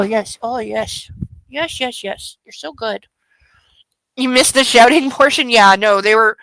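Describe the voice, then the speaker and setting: A woman's voice: on the high side, fairly bright tone, no echo, poor audio. A woman hosting a casual late-night livestream from home, cooing baby talk to her dog and swearing freely. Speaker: livestream host.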